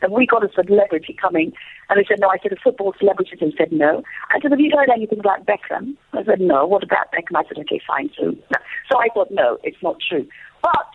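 Husky woman on a tinny phone line, animated storyteller, stammers a bit. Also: medium pitch, quick pace. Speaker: guest. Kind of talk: casual storytelling on a call. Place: at home in Sierra Leone.

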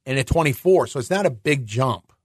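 A middle-aged man hosting a finance radio show, explaining in a chatty way with rhetorical questions and quick restarts. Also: medium pitch, animated, slightly rough, no room sound, studio quality.

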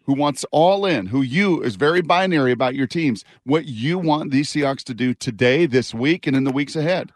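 A man's voice: medium pitch, animated, normal speed, hardly any pauses, no echo, clean studio sound. A man hosting sports talk radio, pressing his points with rising emphasis.

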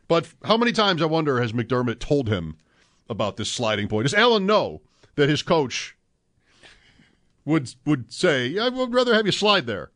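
A man's voice: a little high, very animated, moderate pace, fairly bright tone, no echo. Dry-recorded sports talk man. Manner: asks questions, mimics coaches and players. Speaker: sports podcast co-host. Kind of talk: casual sports chat.

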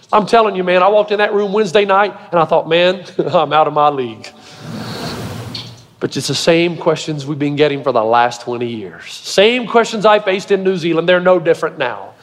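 A male pastor delivers a sermon to a congregation, his voice pitched very high. He hammers his points and rises into shouts. The sound carries a long, ringing hall reverb. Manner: emphatic, swings to shouted points.

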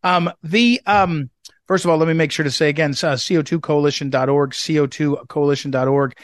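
Rambling talk radio host, higher voice. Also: male voice, fairly even intonation, brisk, no echo. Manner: rambling, many fillers and restarts.

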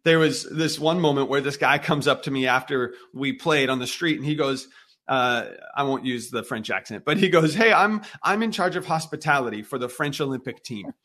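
A man in his thirties, a guest on an interview, telling a story with lively acted-out dialogue. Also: mid-range voice, normal speed. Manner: animated storyteller acting out quoted dialogue. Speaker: guest, missionary musician.

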